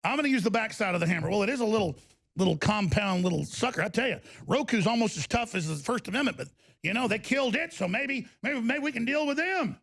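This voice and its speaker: A man's voice: high voice, animated, fast, gravelly, a bit bright. A middle-aged man hosting a talk radio show, ranting with energy and tripping over his own restarts in the studio. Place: broadcast studio.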